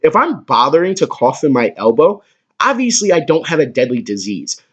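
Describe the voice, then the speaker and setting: A man in his twenties hosting a comedic podcast, with a crude, excitable way of talking and a lot of swearing. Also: fairly high pitch, normal speed, slightly rough. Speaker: podcast host.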